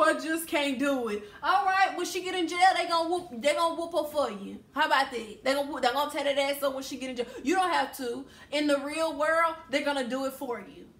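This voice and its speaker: Speaking to camera from an echoey room, this vlogger is a young woman from Louisiana sharing a storytime bluntly, heatedly and with emphasis. Her voice sits high with a slightly bright quality.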